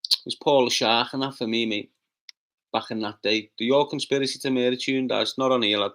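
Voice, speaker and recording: A man with a Liverpool accent hosting a casual livestream, reading out chat comments with brash, sweary, rapid-fire banter and loud taunting outbursts. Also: medium pitch, steady tone. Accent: Liverpool (Scouse). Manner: bursts into loud taunting rants.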